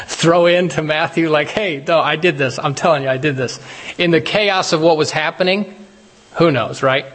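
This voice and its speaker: A man's voice: a little high, fairly bright tone, big-room sound. A man preaching a casual, conversational sermon, often checking in with his listeners and laughing at his own retellings.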